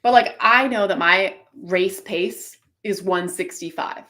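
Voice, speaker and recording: A woman's voice: mid-range voice, slow, pushed and bright. A woman co-hosting casual live commentary on an online cycling race, chatty and explaining tactics with plenty of fillers.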